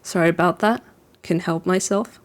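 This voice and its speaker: A woman's voice: fairly low pitch, fairly even intonation, moderate pace. A woman giving casual reaction commentary on an anime episode, rambling with lots of fillers and restarts. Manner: rambling, lots of "like" and restarts, chuckles while describing scenes.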